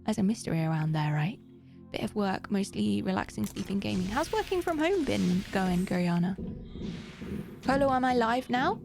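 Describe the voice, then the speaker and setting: A woman's voice: medium pitch, lively intonation, moderate pace, creaky, music in the background. A woman live streaming a game, chatting casually and directly with her viewers. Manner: chatty, talks straight to viewers. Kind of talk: casual gaming stream chat.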